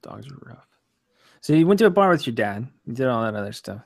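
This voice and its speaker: A young man co-hosting a podcast, easygoing and quick to laugh. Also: mid-range voice, sing-song, vocal fry, a little hiss or hum. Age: young adult. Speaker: podcast co-host. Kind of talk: casual chat.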